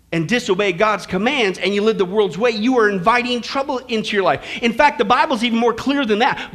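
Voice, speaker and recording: Male preacher, folksy joking sermon delivery, high pitched and bright. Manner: folksy and joking, with shifting emphasis. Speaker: pastor. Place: church.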